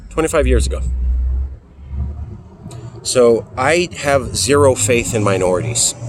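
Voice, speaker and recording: A man in his forties from California tells a story outdoors, in a halting, emphatic way that sinks to a near whisper at moments. His voice sits at an ordinary middle pitch. Loud traffic and street noise run steadily behind him. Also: animated. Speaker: political activist. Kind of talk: personal storytelling.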